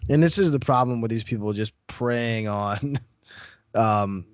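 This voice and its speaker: A man hosting a podcast as a real estate broker, telling stories in casual chat and getting animated as he acts out the people in them. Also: measured pace, no echo. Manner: animated storyteller, acts out callers and rises in pitch when worked up.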